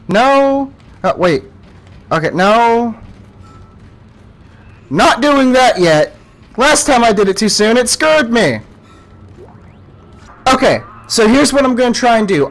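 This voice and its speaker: A young man playing a horror game, yelping and shouting in panic between calmer running commentary. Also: high-pitched. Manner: screams and yelps in panic, then talks calmly. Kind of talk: let's play commentary.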